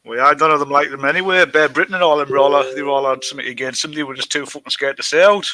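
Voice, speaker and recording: A man's voice: a little high, steady tone, rapid-fire, sharp tone, slight background noise. A man co-hosting a livestream, laid-back and chiming in with comments in casual chat.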